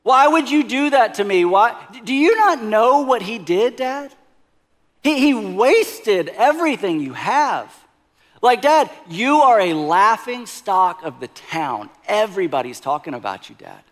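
A preacher acting out a sulking, resentful older son. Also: male voice, high voice, very animated, unhurried, a bit bright, exaggerated voice. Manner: indignant, pleading complaints. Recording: long hall reverb.

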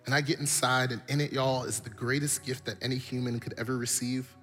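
A man's voice: medium pitch, steady tone, brisk, a bit bright, soft background music. A man preaching a sermon, telling stories with animation and building his points through repetition. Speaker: pastor.

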